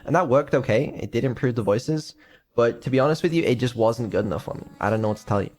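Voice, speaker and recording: A man's voice: medium pitch, quick pace, a little mellow. A man streaming as a developer, talking casually with lots of ums and dry sarcasm. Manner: mumbling, hesitant, many ums, dry sarcasm.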